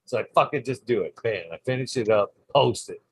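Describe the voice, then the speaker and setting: A man's voice: mid-range voice, fairly quick, slightly rough, no echo, poor audio. A man hosting his own channel, telling a rambling, swear-heavy story in casual vlog style. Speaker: channel host.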